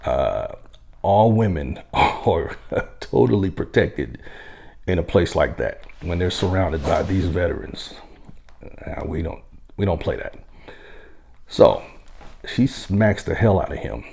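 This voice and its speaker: Deep, gravelly man telling a story. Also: sing-song, darkish tone. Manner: unhurried, conversational, with occasional chuckles. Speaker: military veteran telling a story. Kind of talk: casual spoken storytelling.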